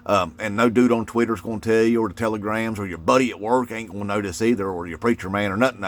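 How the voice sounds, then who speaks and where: A man's voice: on the low side, fast. Folksy mocking man ranting. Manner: folksy, mocking, full of "uh" fillers. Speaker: political video commentator. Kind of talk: casual rant to camera.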